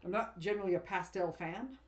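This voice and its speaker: A woman's voice: on the low side, fast, highs cut off. A woman craft demonstrator chatting casually as she unboxes and sorts a paper craft kit, rambling and often laughing.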